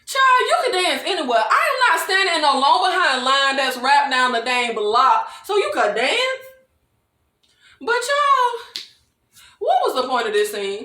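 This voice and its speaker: A young woman recaps a TV episode in a comedic, chatty way. Her high, bright voice leaps all over its range. The room around her sounds echoey. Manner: animated, laughs often, mock-quotes characters in exaggerated voices. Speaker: TV recap vlogger.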